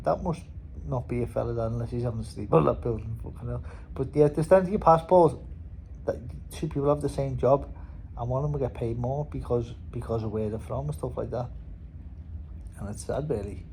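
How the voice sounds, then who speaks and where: A man's voice: mid-range voice, vocal fry, dark tone, a little hiss or hum, poor audio. A young man with a Scouse accent, a boxer rambling casually in a vlog, swearing and laughing as he talks. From Liverpool, England. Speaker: boxer and vlogger.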